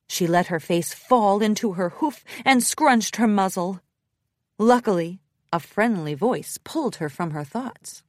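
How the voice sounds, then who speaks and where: A woman's voice: mid-range voice, lively intonation, unhurried, a little mellow, no echo. Woman storybook narrator; lilting, sing-song delivery, dry close recording. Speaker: audiobook narrator. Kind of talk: storybook read-aloud.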